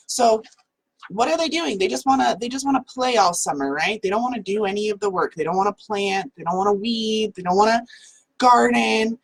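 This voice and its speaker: Chatty woman host, slightly husky, talks loosely from home. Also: a little high, normal speed, poor audio. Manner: chatty, lots of "like" fillers. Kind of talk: casual livestream talk.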